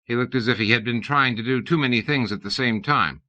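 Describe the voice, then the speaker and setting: A man reading a comic fantasy novel aloud as an audiobook narrator, in measured, even storytelling. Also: medium pitch. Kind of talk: scripted narration. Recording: dull lo-fi audiobook recording.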